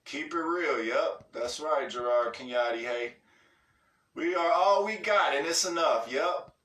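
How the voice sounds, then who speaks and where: A man's voice: fairly high pitch, measured pace, pushed and bright. A man hosting a livestream, reading out viewer comments in a laid-back, slangy, profane way and cracking up often. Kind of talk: casual livestream chat.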